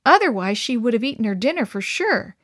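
A firm, brisk storybook mother, read aloud by a woman, sounding higher than the narration and keeping her boys in line. The recording is dry and close. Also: big pitch swings, a bit bright, dry recording. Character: busy mother scolding her two boys.

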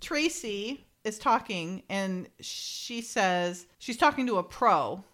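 A woman co-hosting a casual chat, animated, often laughing and acting out dialogue. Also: mid-range voice, slow. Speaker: podcast co-host recapping an episode.

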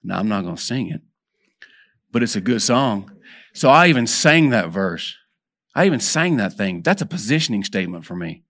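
A man preaching a sermon to a group of men. He calls for amens and repeats words as he restarts, climbing higher and louder when he exhorts, then dropping soft and low for prayers. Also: sing-song, normal speed. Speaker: preacher at a men's gathering.

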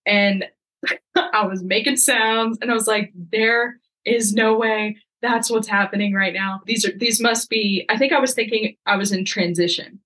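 A young woman, a podcast guest, telling a story in a lively, casual way and acting out the lines of the people in it. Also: mid-range voice, measured pace, rough recording. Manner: lively, acts out quoted dialogue.

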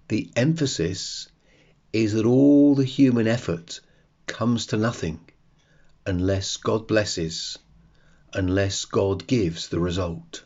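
A man hosting a devotional podcast, reading and reflecting on a psalm in a slow, measured way. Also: on the low side, darkish tone, highs cut off. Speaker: podcast host.

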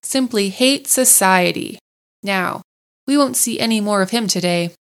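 A cheerful male water rat from a storybook, hearty and brisk as he chats with friends, acted by a woman reading aloud. His voice is a touch brighter than a plain reading voice. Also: mid-range voice, close to an everyday voice. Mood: chatty.

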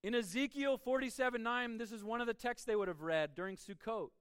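A man preaching a sermon as pastor, emphatic, with his voice swinging between soft and loud. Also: very high-pitched, brisk, clean tone, no echo.

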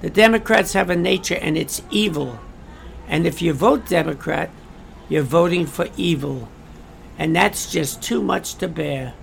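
A man's voice: a little high, measured pace, gravelly, slight background noise. A man giving a political commentary monologue, emphatic and repetitive, with rhetorical questions and asides to his listeners.

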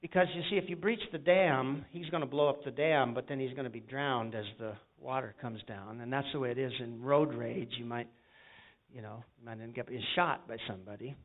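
A man's voice: mid-range voice, fairly quick, narrow, tinny audio. A man preaching a sermon with call-and-response and folksy stories, from the United States. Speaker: pastor.

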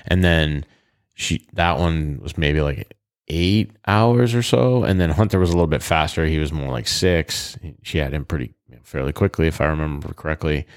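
A man's voice: very deep voice, moderate pace, clear, resonant tone, no room sound, studio quality. A man chatting casually on a podcast, rambling with lots of fillers. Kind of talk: casual chat.

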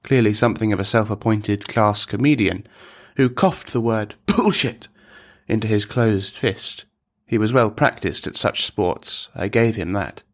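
Brief: male narrator, low voice, measured deadpan storytelling. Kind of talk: scripted narration of a dark comic story.

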